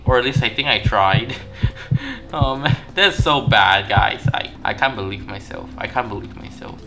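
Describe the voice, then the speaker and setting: A man doing gameplay commentary, panicky and self-mocking, repeating words in nervous bursts and shrieking high when caught. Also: noisy background. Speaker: gaming YouTuber.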